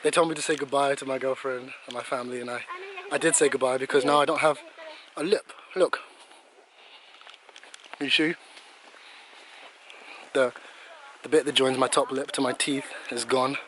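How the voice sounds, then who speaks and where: A man vlogger telling a story to camera in a casual, animated, profane and self-mocking way. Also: medium pitch, moderate pace, long pauses, a little hiss or hum. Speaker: travel vlogger.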